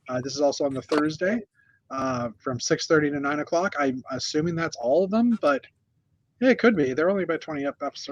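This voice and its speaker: A man's voice: fairly high pitch, no room sound, highs cut off. A man hosting a casual news chat from a hotel room, rambling with many fillers and restarts. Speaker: host.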